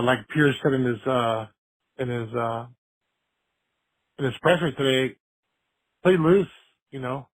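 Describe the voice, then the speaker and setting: A male caller speaks at an ordinary pitch, stopping and starting with lots of "uh" and "you know" as he makes his point. The sound is dry and close. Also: no echo, low-quality recording. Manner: rambling with many fillers. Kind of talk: phoned-in fan comment.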